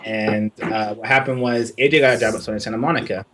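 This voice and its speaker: A young man from Southern California with a husky, low voice. He tells his story loosely and casually, swearing freely. His delivery is relaxed and conversational. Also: fast talker. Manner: casual, profane, acts out quoted dialogue in his telling. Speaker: guest concept artist.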